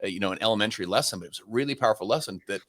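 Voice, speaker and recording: A man in his forties, a podcast guest, telling a story in an energetic, conversational way with many restarts. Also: on the low side, rapid-fire.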